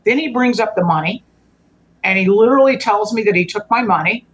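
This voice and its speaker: A woman's voice: mid-range voice, a little fast, breathy edge, rough recording. A woman, a guest on the show, telling a long personal story in earnest conversational style, restarting and correcting herself often. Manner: rambling, frequent restarts and self-corrections.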